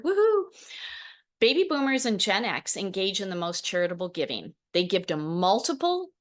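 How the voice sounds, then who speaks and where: A woman in her forties hosting a podcast, telling stories with lively laughs and acted quotes. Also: on the low side. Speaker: podcast host, program founder. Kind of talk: solo podcast talk.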